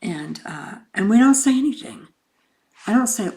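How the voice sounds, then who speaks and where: Calm woman telling a story, soft and reflective, takes her time. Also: mid-range voice. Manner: gentle, unhurried, reflective, with pauses. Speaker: speaker. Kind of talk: personal storytelling.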